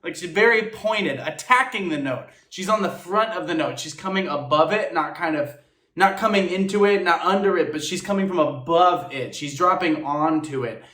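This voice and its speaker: A man's voice: on the high side, normal speed, pushed and bright, recorded from a distance. Enthusiastic man analyzing singing, echoey. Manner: analytical, enthusiastic, apologetic asides. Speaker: actor reacting to a song. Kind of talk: reaction and vocal analysis. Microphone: phone. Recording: echoey room, a little off the mic.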